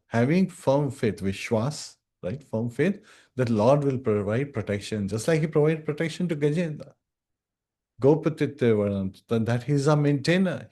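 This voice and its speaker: A man's voice: medium pitch, mellow. A man giving a devotional scripture class, speaking earnestly to his devotees, reciting Sanskrit verses and often checking in with "right?". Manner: earnest and instructive, addresses listeners as dear devotees.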